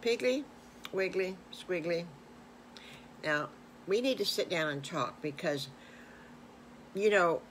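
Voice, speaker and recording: An older woman voicing a gentle, caring mother pig in a told bedtime story, soft, soothing and unhurried. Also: fairly low pitch, expressive, a little hiss or hum.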